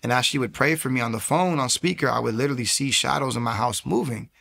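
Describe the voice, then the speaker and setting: A man telling his own faith testimony in an earnest, quick way, with lots of filler words and restarts, acting out the people in his story. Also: mid-range voice, gravelly, pushed and bright. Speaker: guest sharing a faith testimony.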